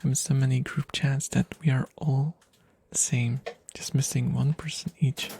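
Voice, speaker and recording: A man rambling softly to his stream audience in ASMR style, self-deprecating and often slipping into whispers, recorded close to the microphone at home. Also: mid-range voice, little pitch movement, moderate pace, gravelly, slight background noise. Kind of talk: soft rambling ASMR chat.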